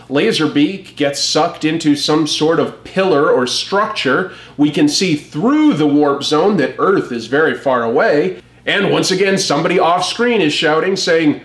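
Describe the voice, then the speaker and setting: A man's voice: fairly high pitch, a little slow, a bit bright. Wry man with a roomy echo. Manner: wry, amused commentary. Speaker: comic review channel host. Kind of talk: casual commentary.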